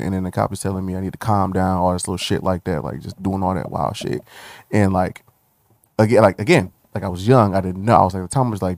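A man's voice: sits low, a little fast, no echo, clean studio sound. A young man telling a personal story in candid, profane, casual conversation on a podcast. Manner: loose, profane, animated when retelling anger. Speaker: guest.

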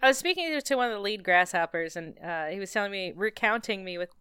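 A woman co-hosting with dry deadpan humor. Her voice is smooth and clear, recorded close and dry with no room sound. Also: mid-range voice, fast, no room sound. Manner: deadpan joking. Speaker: podcast co-host. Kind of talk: casual comedic banter.

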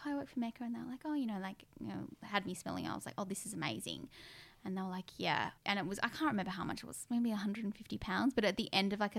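A woman's voice: mid-range voice, creaky, fairly bright tone. A woman, telling stories in a chatty interview and saying "like" a lot. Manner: chatty, storytelling with lots of "like". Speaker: guest, brand co-founder. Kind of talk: casual interview chat.

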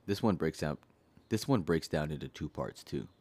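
A man reading a self-help book aloud, steady and earnest, speaking straight to the listener. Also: very deep voice, moderate pace. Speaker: audiobook reader.

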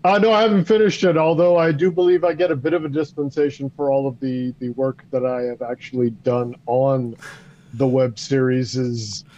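A man's voice: medium pitch, fairly even intonation, moderate pace, darkish tone. A man playing in a tabletop game stream, answering in a dry, self-deprecating way. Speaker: player and video editor. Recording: dull lo-fi mic.

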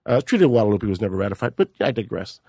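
A man's voice: lowish voice, sing-song, racing, gravelly, dark tone, husky, no echo, studio quality. A man, a stand-up comedian guest on a podcast, telling a profane, rambling story with lots of laughter. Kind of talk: casual storytelling chat.

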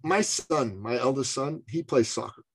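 A middle-aged man from Canada telling a personal story in conversation, animated and acting out the voices of others. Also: medium pitch, moderate pace, husky. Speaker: speaker and business coach.

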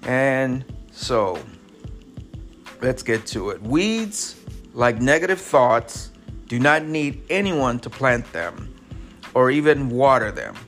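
A man's voice: mid-range voice, very animated, takes it slowly, soft background music. A man giving an earnest motivational talk about self-care, telling a story along the way. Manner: earnest and emphatic, lists points, drops to soft tones. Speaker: wellness speaker.

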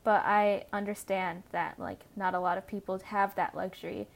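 A woman's voice: mid-range voice, steady tone, normal speed, gravelly. Teen girl, casual storytelling, rambling, lots of fillers and restarts. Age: teens. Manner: rambling, self-correcting, frequent fillers. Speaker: podcast host.

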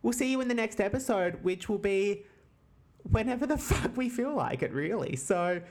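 A woman's voice: medium pitch, expressive, normal speed, a little mellow. A woman hosting a casual wrestling podcast, teasing and swearing freely, often laughing. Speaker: podcast host.

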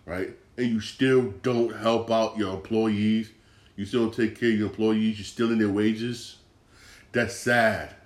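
A man hosting a casual solo podcast, talking emphatically, repeating himself and restarting phrases. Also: on the low side. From Connecticut. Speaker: podcast host. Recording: echoey room.

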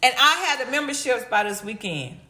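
A woman's voice: fairly high pitch, lively intonation, a little fast, bright, forceful tone. A middle-aged woman hosting a livestream, chatting casually and reading chat comments in a slangy, blunt, laughing way. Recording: echoey room.

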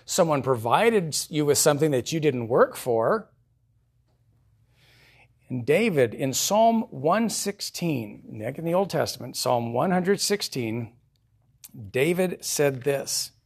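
A man's voice: fairly high pitch, expressive, slow pace, gravelly, breathy edge. A male pastor preaching a sermon in a conversational way, asking his congregation questions.

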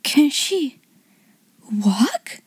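A woman's voice: high-pitched, big pitch swings, measured pace, mellow, no echo, pitched above the performer's own voice. A woman voicing a shy, awestruck young schoolgirl in a breathless whispered role-play. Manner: breathless, timid, wide-eyed.

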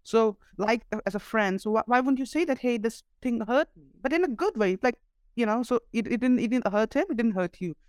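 A podcast host asking questions and musing in a reflective, halting way with restarts. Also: mid-range voice, smooth, dry recording, clean studio sound. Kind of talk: conversational interview.

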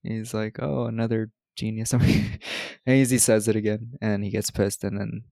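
A man's voice: on the low side, steady tone, unhurried, a little mellow, no room sound. A man co-hosting a podcast, chatting casually and retelling movie scenes with lots of laughter. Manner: laughs often, retells scenes with quoted lines. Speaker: podcast co-host recapping a movie. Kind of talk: casual chat.

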